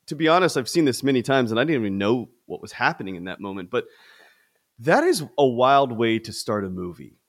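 His voice is mid-range and a little quick: a young man co-hosting a laid-back podcast about films. The delivery is loose, animated and rambling, full of restarts.

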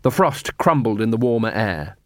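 Guy reading an audiobook, steady and measured, super dry close mic. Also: lowish voice, no room sound. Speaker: audiobook narrator. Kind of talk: scripted narration.

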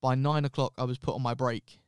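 A man's voice: mid-range voice, flat delivery, brisk, clean tone, dry recording, studio quality. A young man telling a personal story candidly on a podcast, swearing freely and acting out what people said. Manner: candid, swears freely, acts out quoted dialogue. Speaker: podcast co-host. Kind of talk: casual storytelling chat.

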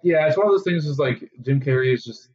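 A man co-hosting a podcast in casual chat, animated and laughing as he quotes movie lines. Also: a little high, quick pace, breathy edge, muffled recording. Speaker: podcast co-host.

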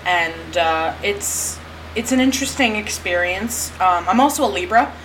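A woman's voice: on the low side, lively intonation, normal speed, a bit bright, low-quality recording. A woman co-hosting a podcast in casual chat, rambling, repeating herself and laughing often. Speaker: podcast co-host. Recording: background noise on the track.

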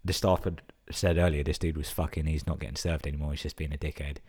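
A man's voice: a bass voice, little pitch movement, quick pace, a little mellow, husky. A young man tells stories casually, swearing a lot and filling his talk with 'like'. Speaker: vlogger telling stories. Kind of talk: casual storytelling.

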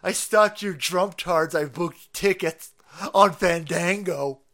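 This is a smug, whiny male leftist, put on by a man mid-rant. He drags out each phrase in sneering mockery, set fairly high in pitch. The whole thing is an everyday voice with only a light twist. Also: takes it slowly, fairly bright tone.

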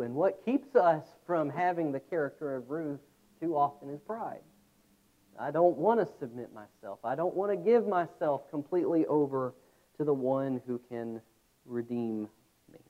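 A man preaching a sermon, earnest, with reflective pauses. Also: a little high, animated. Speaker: pastor. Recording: tinny phone-like sound.

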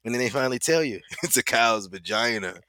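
A man on a casual podcast tells crude stories and keeps laughing as he goes. His voice is bright and his pitch swings widely. The recording is dry and close. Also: animated, brisk, no room sound. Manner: laughing, profane storytelling. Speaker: podcast co-host. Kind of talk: casual chat.

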